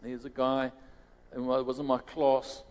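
A South African man preaching in an easy, conversational way, circling back on his phrases and jumping up in pitch when he voices other people. His tone is dark and mellow. A long hall reverb trails behind every word. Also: completely flat delivery, a little slow. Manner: conversational, restarts phrases, rises sharply when quoting others. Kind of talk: sermon with closing prayer.

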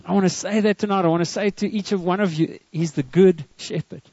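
A man's voice: sits high, fairly even intonation, brisk, darkish tone, no room sound, lo-fi sound. A man preaching a sermon to a church congregation, earnest and often repeating words as he starts a line. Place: church service.

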